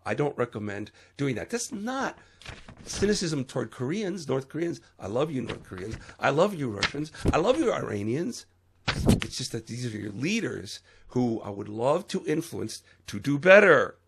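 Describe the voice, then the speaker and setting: A man's voice: medium pitch, sing-song, normal speed, creaky, a little hiss or hum. A man hosting a solo podcast, talking in an earnest, preachy monologue that rises suddenly for emphasis and trails off into fillers. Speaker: podcast host.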